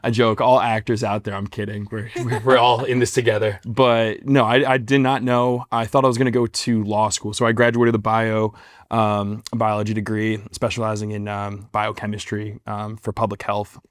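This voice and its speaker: A man's voice: fairly low pitch, level tone, moderate pace, no room sound, clean studio sound. A man in his twenties, a guest actor, telling a long story in a casual interview, rambling and self-deprecating with many fillers and restarts.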